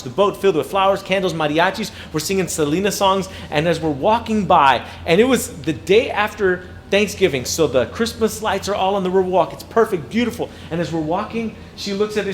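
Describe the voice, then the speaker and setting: A man in his thirties gives a storytelling keynote to educators as a motivational speaker, his high-pitched voice carrying a little hiss or hum. He's an animated storyteller who shares personal stories, acts out quotes, and repeats words.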